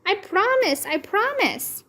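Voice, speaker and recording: A woman voicing an excitable, bossy little first-grade girl from a children's storybook, speaking shrill, pleading and overexcited. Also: slow, exaggerated voice. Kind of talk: children's storybook read-aloud.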